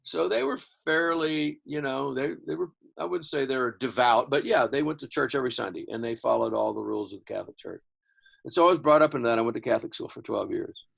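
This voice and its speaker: An older man from Houston, Texas, spins a long story as an interview guest. His voice is gravelly with a bit of fry, and he rambles, restarts and gets animated. The pitch sits mid-range for a man. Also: quick pace. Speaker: guest musician.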